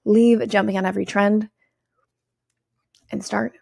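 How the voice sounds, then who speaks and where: A woman hosting her own podcast, giving an energetic, swearing pep talk to her listeners. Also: mid-range voice, a little slow, creaky, husky, no room sound, clean studio sound. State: out of breath. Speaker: podcast host and business coach. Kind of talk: solo podcast monologue.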